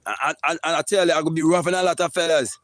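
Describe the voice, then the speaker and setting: Fiery high-voiced man preaching. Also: steady tone, fast, a bit bright, no echo, faint music behind. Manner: emphatic, preachy and profane, with repeated words. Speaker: spiritual teacher streaming live. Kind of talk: impassioned live-stream monologue.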